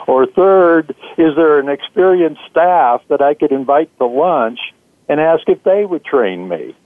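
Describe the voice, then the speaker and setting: A man, an author being interviewed, answering in a measured way with frequent "uh" fillers. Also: a little high, animated, no echo. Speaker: author and guest. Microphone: phone. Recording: tinny dry phone line.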